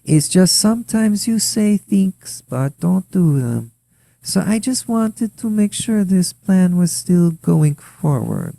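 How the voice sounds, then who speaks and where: A man putting on a sweet high-voiced Ukrainian wife. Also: sing-song, takes it slowly, creaky, no room sound, exaggerated voice. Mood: polite. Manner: soft, polite, subservient. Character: poised scheming wife of a trillionaire president.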